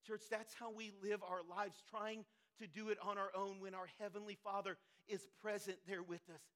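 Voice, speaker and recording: A male pastor preaching a sermon in a high, bright, ringing voice. He builds in force through repeated phrases, addressing the church directly. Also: level tone, moderate pace.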